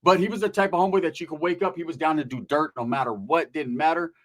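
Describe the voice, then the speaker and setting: A man telling crude, animated stories in a casual, profane way, often tagging right? onto his lines. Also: fairly high pitch, fast, slight background noise. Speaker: podcast host telling stories.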